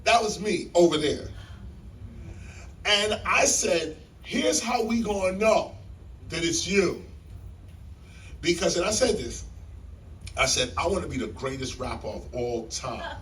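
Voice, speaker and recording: A man telling a story to a live audience in a library hall, animated and emphatic like a preacher, repeating key lines and jumping in pitch. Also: unhurried, pauses often, far from the mic, a little hiss or hum. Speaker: guest speaker on stage.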